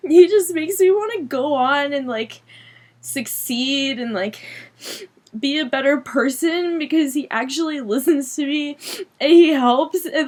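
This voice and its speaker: A woman voicing a melodramatic eighth-grade goth girl who narrates her diary in a giggly, overdramatic way, full of "like". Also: lowish voice. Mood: tearful swooning. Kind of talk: comic teen diary monologue.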